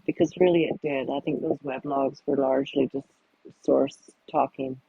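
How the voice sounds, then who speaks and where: A woman's voice: extremely low pitch, steady tone, gravelly, breathy edge, dry recording, muffled recording. A woman guest, a yoga teacher and coach, talking thoughtfully in an interview, often restarting her sentences. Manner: thoughtful, halting, with frequent restarts. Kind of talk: reflective interview talk.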